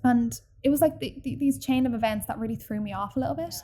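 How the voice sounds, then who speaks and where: A woman telling a personal story in casual podcast chat, animated and full of fillers. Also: fairly high pitch, fast, slight background noise. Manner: chatty and animated, acts out quoted people, many fillers.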